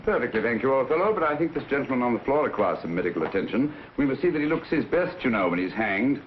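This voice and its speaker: A man as Sherlock Holmes, cool and crisply ironic. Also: mid-range voice, big pitch swings, quick pace, slight background noise, natural voice. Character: calm, dryly witty male master detective. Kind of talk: 1940s film acting. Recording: dull old film soundtrack with music.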